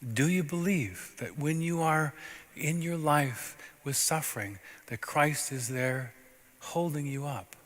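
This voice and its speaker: A male pastor delivers a story-driven sermon in a bright, forceful voice. He preaches conversationally, swinging from loud outbursts to near-hushed asides. His voice rings out with the long reverb of a church sanctuary. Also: fairly high pitch, takes it slowly.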